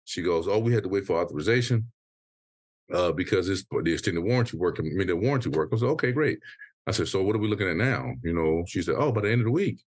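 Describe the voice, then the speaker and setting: A man in his thirties co-hosts a laid-back podcast, telling a long, profane story with lots of acted-out quotes. His voice leaps up and down in pitch as he gets worked up, with a husky edge. The sound is close and dry. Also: expressive, fast, dry recording. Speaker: podcast co-host. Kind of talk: casual chat, venting story.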